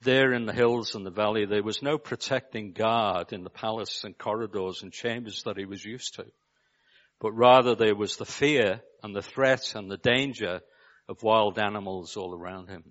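Low-voiced Scouse man preaching. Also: fairly bright tone, lo-fi sound. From Liverpool, England. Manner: measured, with rhetorical questions to the listener. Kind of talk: sermon.

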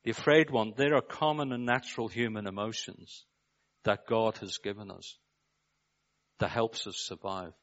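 A preacher from Liverpool with a Scouse accent, giving a measured sermon and putting rhetorical questions to his listeners. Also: fairly low pitch, fairly even intonation, fairly bright tone, lo-fi sound. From Liverpool, England.

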